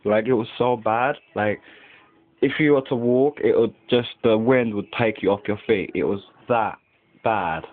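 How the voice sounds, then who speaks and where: A man's voice: fairly low pitch, a little slow. A young man, rambling casually to the camera at home, full of "like" and swearing. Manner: rambling, heavy use of "like", lots of swearing. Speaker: vlogger. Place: indoors at home by a window. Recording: tinny lo-fi webcam audio.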